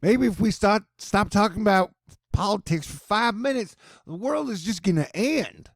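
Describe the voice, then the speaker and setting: Man doing a panicky doomsayer, high fretting voice, raspy. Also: lively intonation, normal speed, no room sound, clean studio sound. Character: panicky man dreading the end of the world.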